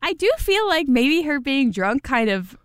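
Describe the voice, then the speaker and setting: A woman's voice: sits high, very animated, measured pace, no room sound. A woman co-hosting a casual recap podcast, chatty and enthusiastic with frequent laughs. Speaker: podcast co-host.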